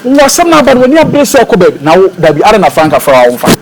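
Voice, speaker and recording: A man acting in a comedy skit, talking animatedly, his pitch jumping up when he gets excited. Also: very fast, background noise.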